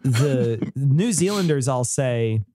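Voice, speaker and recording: A man's voice: medium pitch, lively intonation, takes it slowly, warm tone, dry recording, studio quality. A man co-hosting a podcast, swearing a lot and ranting between laughs in casual banter. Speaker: podcast co-host.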